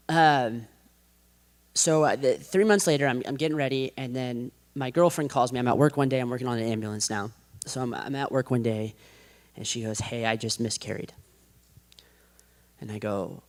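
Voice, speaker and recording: A man giving a personal faith testimony to an audience, rambling and restarting, his voice dropping low and hushed in heavy moments. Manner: rambling, self-described chaotic, with many restarts.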